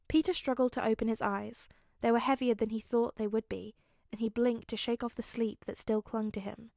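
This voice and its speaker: A woman narrating a fan fiction audiobook with clear, steady storytelling. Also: a little high, brisk, dry recording, clean studio sound. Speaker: podfic reader.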